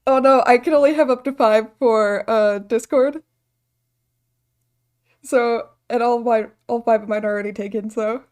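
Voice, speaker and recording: Chatty, rambling woman streamer, slightly high. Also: fairly even intonation, moderate pace, a little mellow. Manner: rambling, chatty, laughs a lot. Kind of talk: casual gaming livestream chat.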